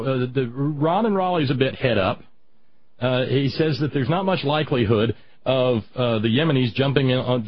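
Male radio host, husky, halting and rambling, muffled lo-fi sound. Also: mid-range voice, no echo. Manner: rambling, halting, reads chat comments. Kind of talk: casual political talk.

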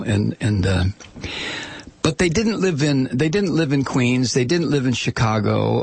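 A man's voice: medium pitch, gravelly, husky, no room sound. A man delivering a rambling, profane political commentary monologue with plenty of digressions.

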